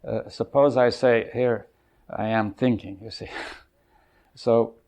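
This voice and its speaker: An older man leading a seminar, thinking aloud in a halting, searching way and often checking in with his listeners. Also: medium pitch, steady tone, vocal fry, a little mellow. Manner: thoughtful, halting, often checks in with "right?" and "you see". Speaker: seminar leader. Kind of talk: exploratory seminar talk. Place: seminar room.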